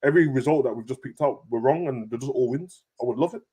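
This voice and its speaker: Young man, quick talker, slangy, animated football chat. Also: husky. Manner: animated, slangy, rapid banter with big pitch jumps. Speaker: football podcast host. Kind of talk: casual chat.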